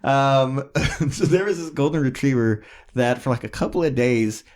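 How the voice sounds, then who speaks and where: A man guesting on a podcast, chatting casually about the past. His delivery is halting and peppered with fillers, laughter and cursing, in a voice of ordinary middle pitch. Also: a little mellow. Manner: laughs often, swears freely, many filler uhs. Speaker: musician guest. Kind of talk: casual storytelling chat.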